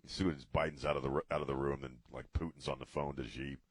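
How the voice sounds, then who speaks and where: A man's voice: rumbling low, flat delivery, quick pace, slightly rough, dry recording. A middle-aged man hosting a casual talk radio show from a studio, rambling and joking off the cuff. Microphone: studio mic.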